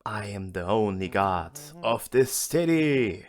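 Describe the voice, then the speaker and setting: A man voicing an unhinged self-appointed guard who bellows that he is a god, with slow, drawn-out shouting. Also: lowish voice, expressive. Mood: manic shouting.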